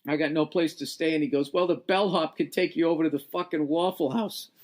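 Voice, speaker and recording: A man's voice: a little high, steady tone, brisk. A man hosting his podcast, telling a long profane story in a rambling, exasperated way, tired and worn out. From United States. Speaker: podcast host. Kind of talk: casual storytelling monologue. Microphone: podcast mic at a laptop.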